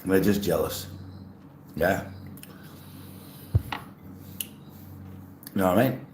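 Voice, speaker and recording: A low-pitched man chats casually with his stream audience, playful and easygoing. His voice rings with a roomy echo. A faint hum of ambient noise sits underneath. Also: takes it slowly, a little mellow. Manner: chatty, reads chat aloud, playful. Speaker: livestreamer. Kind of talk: casual live-stream chat.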